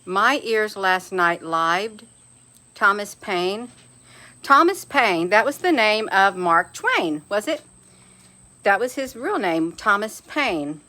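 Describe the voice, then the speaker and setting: A woman's voice: medium pitch, very animated, slow pace, bright, forceful tone. Middle-aged woman host, folksy and chatty, addresses live viewers as honey, laughs easily. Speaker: livestream host reading viewer comments. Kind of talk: casual live chat.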